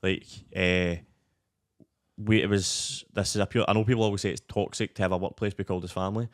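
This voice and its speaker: A man's voice: deep voice, brisk. A young man with a Scottish accent, a podcast guest telling rambling, sweary stories in casual chat. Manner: rambling, sweary, animated storytelling.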